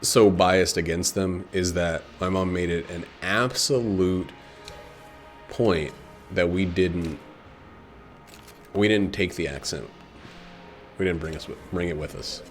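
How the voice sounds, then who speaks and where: A man's voice: low-pitched, slow pace, pauses often, soft background music. A man giving casual, meandering commentary while he plays a video game, swearing freely and trailing off into fillers. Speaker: gameplay commentator. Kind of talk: casual rambling commentary over gameplay.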